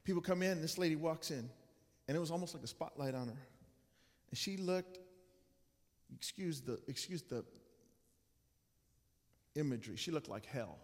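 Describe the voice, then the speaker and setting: A male pastor with a notably high voice preaches in an earnest, conversational tone, often restarting his phrases. His voice rings through a church sanctuary with a long reverb tail. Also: expressive, moderate pace, pauses often. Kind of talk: sermon with personal storytelling.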